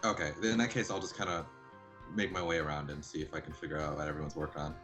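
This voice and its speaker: A man playing a tabletop game, casually asking questions and describing what his character does. His voice is very deep. Faint music plays behind him. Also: fairly even intonation, very fast, a bit bright. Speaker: player.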